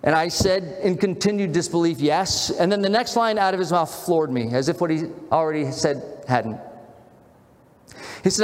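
A man preaching as a pastor, telling a story in an earnest, animated way. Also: fairly high pitch, normal speed, in a large hall. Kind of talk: sermon.

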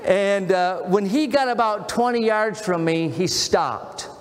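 A man preaching as a pastor, telling a story in an earnest, animated way. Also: sits high, a little slow, long reverb tail, a little hiss or hum. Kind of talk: sermon.

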